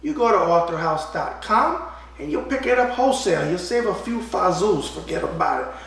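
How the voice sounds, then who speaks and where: A raspy-voiced man with a New York accent hosting a show, bantering in a brash wise-guy way. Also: high-pitched, lively intonation, normal speed, a bit bright. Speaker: host. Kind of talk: casual call-in talk show.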